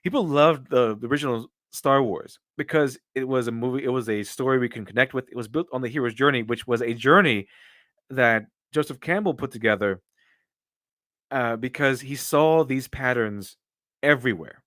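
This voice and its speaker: A man's voice: mid-range voice, moderate pace, a bit bright, no echo, studio quality. Opinionated man rambling on a stream. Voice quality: rambling, opinionated, frequent restarts and fillers. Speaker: streamer reading viewer donations. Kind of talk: casual live-stream commentary.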